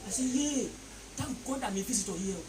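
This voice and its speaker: A man's voice: very high-pitched, a little fast, a loud crowd. A man preaching a sermon emphatically, repeating phrases and leading the congregation in call-and-response. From Nigeria. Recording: echoey, distant mic, noisy.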